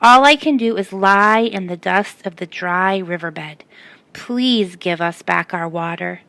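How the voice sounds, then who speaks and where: A woman's voice: medium pitch, unhurried, pushed and bright, no echo. A woman voicing a weak, tired male kangaroo who pleads for water in a storybook reading. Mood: pleading.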